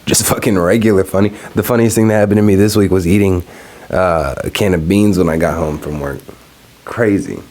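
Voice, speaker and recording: A man's voice: deep voice, a little fast, a little mellow. A man hosting a solo podcast, talking loosely and profanely while smoking and telling stories. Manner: loose, profane, storytelling with laughs. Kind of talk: casual solo podcast rant.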